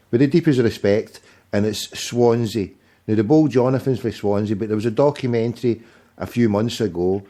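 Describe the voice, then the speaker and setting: A man's voice: lowish voice, mellow. A man hosting a fan phone-in, blunt and bossy, cutting in on callers. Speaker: phone-in host.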